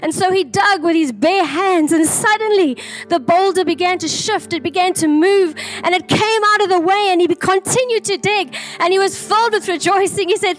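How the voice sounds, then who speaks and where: A woman's voice: extremely high pitch, moderate pace. A woman earnestly sharing a prophetic vision as a flowing, repetitive story. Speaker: prophetic speaker.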